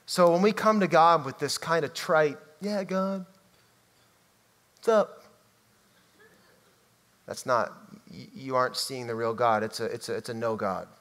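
A man preaching a sermon in a church, emphatic and swinging from loud to hushed. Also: medium pitch, brisk, few pauses. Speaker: pastor. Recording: long reverb hall.

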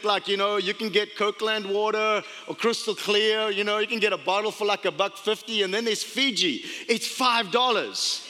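A man with an accent preaching a sermon as pastor, telling stories and jokes with laughs along the way. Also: sits high. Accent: non-American. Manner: animated, jokey storytelling with laughs. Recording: long reverb of a church hall.

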